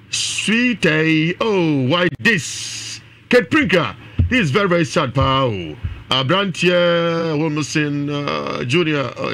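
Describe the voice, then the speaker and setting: A Ghanaian man presenting a live radio talk show, reading out listeners' names and comments in an expressive way. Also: on the high side. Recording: radio broadcast.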